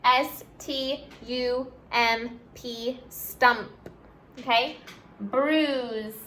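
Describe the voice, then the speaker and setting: A woman's voice: a little high, fairly even intonation, extremely slow, a bit bright, a little hiss or hum. A woman teaching a class, spelling words out letter by letter and mixing in Spanish words. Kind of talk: online class lesson.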